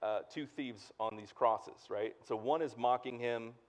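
A man preaching a sermon as pastor in a relaxed, conversational way, full of fillers and asides to the congregation. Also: mid-range voice, measured pace. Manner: casual and chatty, lots of "like" and "right?".

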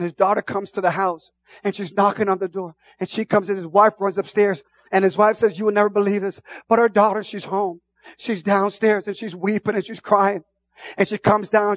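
A man preaching to his church in a high, bright register. He drops to soft, confiding asides and then builds to shouted, fervent calls. The sound is close and dry. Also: no echo. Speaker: pastor. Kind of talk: sermon.

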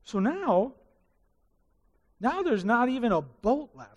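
A man preaching a sermon as pastor, telling the story in an animated way and asking the congregation questions. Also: very high voice, slow pace, big-room sound, lo-fi sound.

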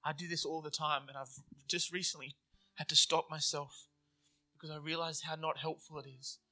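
A man's voice: a little high, flat delivery, moderate pace, sharp tone. A man preaching a sermon in an earnest, conversational way, slipping into acted inner voices to make his points. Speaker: pastor.

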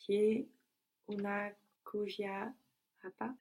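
A woman's voice: medium pitch, little pitch movement, slow pace, a little mellow. A woman answering as a student in a language lesson, careful and a little hesitant.

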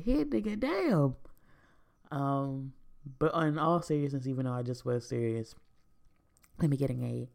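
Young woman vlogger, low gravelly voice, loose slangy confessional ramble. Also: a little mellow. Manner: candid, slangy, swears freely. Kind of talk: casual rambling monologue.

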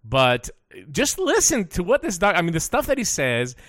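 A man hosts a talk radio show, ranting and cursing as he tells his stories. His voice swings widely up and down and has a bright, forceful edge. The sound is close and dry. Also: high voice, normal speed, dry recording. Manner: fired up, profane, animated storytelling.

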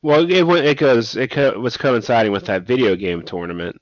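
A man's voice: medium pitch, sing-song, fairly quick, dry recording. A man co-hosting a casual wrestling podcast, giving brief, agreeable replies. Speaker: podcast co-host. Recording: dull dry podcast audio.

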